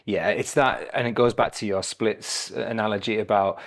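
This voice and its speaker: A man with a lowish voice hosts a running podcast. He talks as a coach, thinking aloud in a conversational way with small repeats. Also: steady tone, normal speed, gravelly. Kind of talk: podcast interview.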